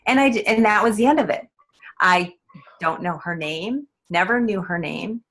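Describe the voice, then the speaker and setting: A woman guest on an interview show, telling a personal story in a halting way, with many ums and restarts. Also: mid-range voice, animated, a bit bright. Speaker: guest author.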